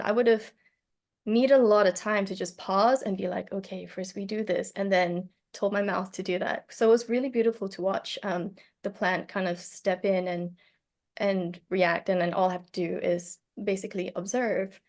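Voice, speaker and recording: A woman telling a personal story in casual talk, reflective and hesitant, with many fillers and restarts. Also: medium pitch. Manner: reflective, gently animated when telling a story. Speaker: speaker on plant medicine.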